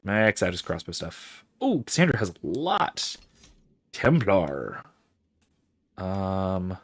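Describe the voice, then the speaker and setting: A man's voice: low-pitched, big pitch swings, takes it slowly. A man casually commenting while playing a fantasy game, reading viewer messages aloud and musing over skill choices. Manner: chatty, reads chat aloud, muses over skills. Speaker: game streamer.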